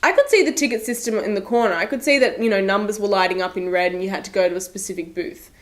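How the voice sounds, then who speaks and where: A woman's voice: medium pitch, fast. A young Australian woman with an Australian accent, telling a story in a casual, self-deprecating vlog and laughing often. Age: young adult. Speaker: vlogger.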